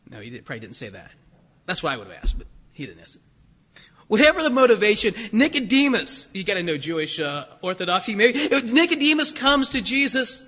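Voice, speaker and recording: A man with a very high, bright voice preaches a chatty sermon, tossing rhetorical questions at his listeners. His voice rings with a long hall reverb. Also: sing-song, a little fast, breathy edge. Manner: chatty, full of rhetorical questions, acts out quotes. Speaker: pastor. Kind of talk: conversational sermon.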